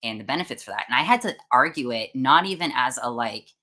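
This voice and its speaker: A young woman with a very low but bright, forward-placed voice tells her stories in a casual, chatty way. She laughs often and slips into mocking imitations of other people. The tone stays conversational and talkative throughout. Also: animated, fast talker. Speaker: host.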